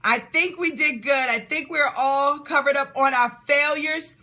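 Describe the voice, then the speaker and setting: A woman's voice: high voice, unhurried, pushed and bright. A middle-aged woman hosting a live Q&A stream, reading out viewer comments, laughing and cheering often. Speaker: host of a live Q&A call.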